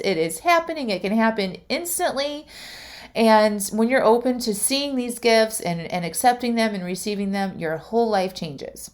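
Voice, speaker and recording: Chatty emotional woman podcast host. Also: lowish voice. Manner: chatty, emotional, lots of "like" and "you know". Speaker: podcast host and life coach. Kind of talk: casual storytelling monologue.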